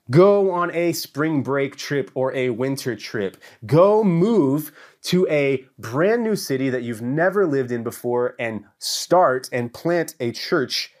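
A man delivers a church sermon in an emphatic, repetitive style. His voice sits at a middling pitch but ranges widely, swinging from loud peaks down to hushed lows. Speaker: church teacher.

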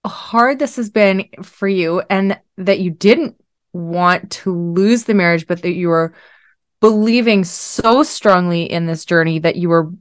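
Gentle woman co-host, dry close sound. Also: lowish voice, unhurried, clean tone, no room sound. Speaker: podcast co-host. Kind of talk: casual chat.

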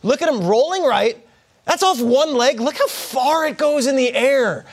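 A man co-hosting a football show, earnestly pointing out details while walking viewers through highlight replays. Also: expressive, measured pace. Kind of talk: sports highlight analysis.

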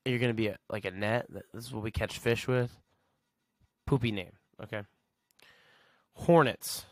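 Guy with a low voice ranting on his podcast, sarcastic and rambly, dry close sound. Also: steady tone, normal speed, no echo. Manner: sarcastic, rambling, chuckles while joking. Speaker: podcast host. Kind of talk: casual solo podcast rant.

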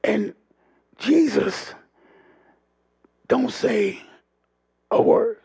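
High, gravelly shouting preacher man. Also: drawn-out words. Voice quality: gravelly, raspy. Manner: call-and-response preaching, often shouting; humorous asides to the congregation. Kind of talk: sermon.

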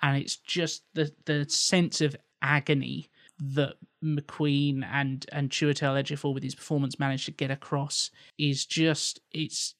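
Guy agreeing about a film, bit higher voice, trips over his words, dry recording. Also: little pitch movement, a little slow, hardly any pauses, a bit bright, dry recording. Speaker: podcast co-host. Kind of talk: casual film chat.

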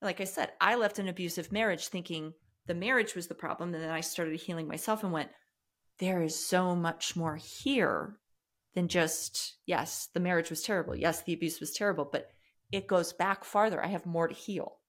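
A woman guest on a podcast, talking candidly in a slightly low voice. She is earnest and reflective, and she often backs up and restarts her thoughts as she speaks. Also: normal speed. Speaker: podcast guest, trauma coach. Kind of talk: candid conversational interview.

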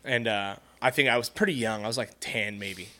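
A man's voice: fairly low pitch, a little fast, bright, forceful tone. A man hosting a podcast, telling a story in casual, profane chat and laughing often. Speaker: podcast host.

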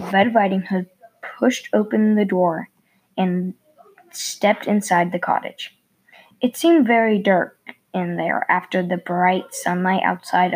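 A woman reading a fairy tale aloud in a gentle storybook manner, with a few slips. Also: medium pitch, husky, rough recording.

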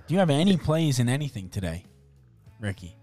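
A man hosting a sports betting podcast, chatting casually and briskly reeling off odds and numbers. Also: medium pitch, sing-song, darkish tone, soft background music.

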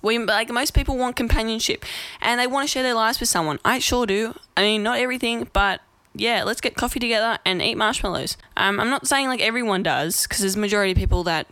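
A woman's voice: on the high side, fast talker, sharp tone, no room sound. Tipsy chatty woman in her twenties. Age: 20s. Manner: chatty, self-deprecating, rambling. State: a bit drunk. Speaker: vlog host. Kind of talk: casual tipsy rant to camera.

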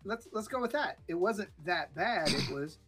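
A man's voice: sits high, lively intonation, normal speed, a bit bright, husky, soft background music. A man co-hosting a faith talk show, chatting casually in an upbeat, reassuring way. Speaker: podcast co-host. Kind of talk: casual chat.

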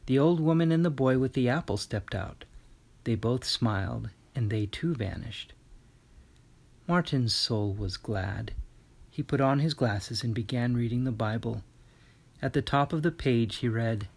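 Husky-voiced man narrating a story. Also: medium pitch, measured pace.

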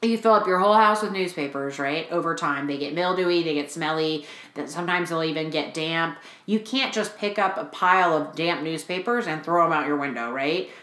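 A woman coaching clients, talking casually and frankly on a podcast, with lively storytelling and frequent swearing. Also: low voice, fairly quick, few pauses. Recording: roomy echo.

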